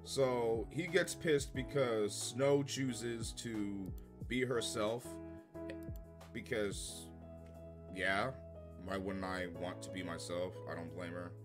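A man giving a casual, profane, sarcastic review of a TV episode, exasperated and given to loud bursts of laughter. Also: fairly low pitch, steady tone, takes it slowly, over music. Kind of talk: casual ranting review commentary.

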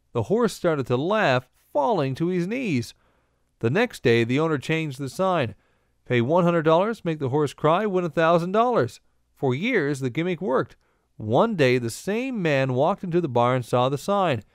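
A man reading scripted bartending instruction and bar jokes in a deadpan, joke-telling manner. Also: on the high side, dry recording, clean studio sound.

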